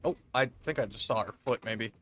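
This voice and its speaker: A man's voice: fairly low pitch, fairly quick, fairly bright tone. A young man streaming a game, joking crudely and laughing often in casual chat.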